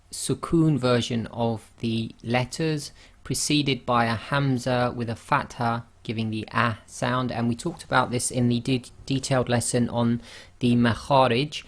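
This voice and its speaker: Slow, careful male Quran recitation tutor. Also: mid-range voice. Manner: slow, careful explanation with drawn-out demonstration sounds. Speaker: Arabic pronunciation teacher. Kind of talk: online lesson.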